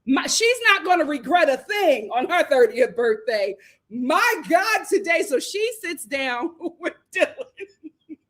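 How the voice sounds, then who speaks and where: A woman hosting a live reality show recap, talking dramatically, laughing and mimicking the cast in hushed voices. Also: high voice, sing-song, slow. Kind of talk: animated live recap commentary.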